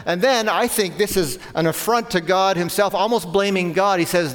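A man's voice: sits high, normal speed, few pauses. A man preaching a sermon, conversational, with self-corrections and rhetorical questions. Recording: long hall reverb.

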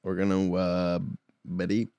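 A man's voice: sits low, completely flat delivery, a little slow, warm tone, no echo. A young man in casual chat, easygoing, chiming in with short reactions and asides.

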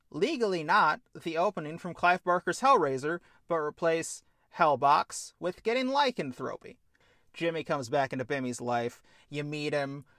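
A man co-hosting a podcast, pitching a film idea in an animated, casual chat and swearing freely. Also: no room sound, clean studio sound. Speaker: podcast co-host.

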